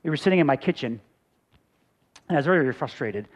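A middle-aged pastor from Michigan preaches a sermon in a medium-pitched, expressive voice at a fast pace. He climbs to loud, emphatic peaks, then drops into quiet storytelling asides.

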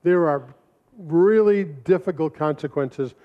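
A middle-aged man telling animated personal stories to an audience, acting out quoted voices and laughing often. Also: fairly high pitch, takes it slowly. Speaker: speaker presenting his family records manual. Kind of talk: storytelling talk to an audience. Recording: dull lo-fi recording.

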